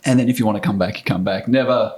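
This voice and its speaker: A man in his fifties with an Australian accent, a former basketball player telling stories as a guest, animated and quick to restart. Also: lowish voice. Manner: animated anecdotes, frequent restarts and laughs. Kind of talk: casual storytelling.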